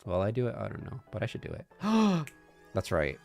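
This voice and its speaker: Lively low-voiced man chatting casually. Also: a little fast, vocal fry, faint music behind. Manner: rambling, thinks aloud with hums and little laughs. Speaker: streamer. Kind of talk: casual chat. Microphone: binaural microphone.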